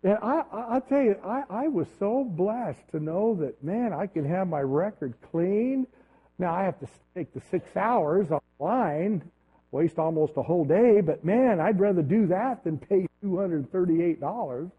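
High-voiced preacher on tinny lo-fi audio. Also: male voice, animated, slightly rough. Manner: conversational, storytelling, halting restarts. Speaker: pastor. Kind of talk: sermon with personal story.

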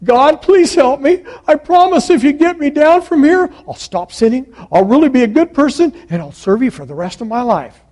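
A man voicing a panicked man hanging from a cliff, yelling high and frantic for help. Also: lively intonation, fast talker, few pauses, husky. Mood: frantic pleading. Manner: high frantic pleading shouts.

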